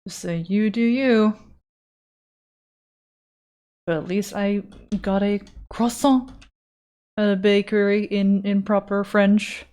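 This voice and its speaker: A woman's voice: mid-range voice, fairly even intonation, unhurried, mellow, clean tone. A young adult woman streamer chatting casually and self-deprecatingly while drawing live, swearing now and then and reading chat aloud. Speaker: art streamer.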